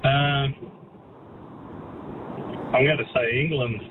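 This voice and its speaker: A man's voice: medium pitch, fairly even intonation, slow. An Australian man calling into a radio quiz, laid-back and giving brief answers. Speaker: caller. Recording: tinny phone line with noise.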